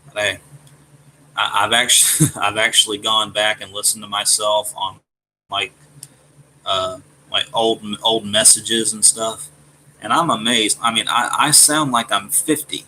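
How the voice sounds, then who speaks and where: A man from Alabama with a Southern accent and a gruff voice, casually chatting with his live-stream viewers and often stumbling over his words. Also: on the low side, fairly even intonation, pushed and bright, slight background noise, low-quality recording. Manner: halting, repeats words and restarts. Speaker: streamer reading chat.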